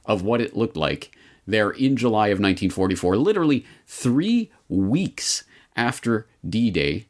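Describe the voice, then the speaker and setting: Guy with a low voice riffing on history, wry, leans on key words. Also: very animated, unhurried. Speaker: podcast host. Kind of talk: unscripted historical commentary.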